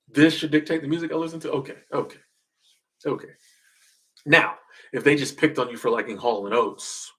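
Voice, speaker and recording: A husky-voiced man talks loosely to his livestream viewers. He jokes, drifts off mid-thought and starts his sentences over. His pitch sits in an ordinary middle range. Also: a bit bright. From Southern United States. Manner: joking, rambling, trails off and restarts. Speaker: streamer. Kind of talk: casual livestream chat reacting to viewer comments.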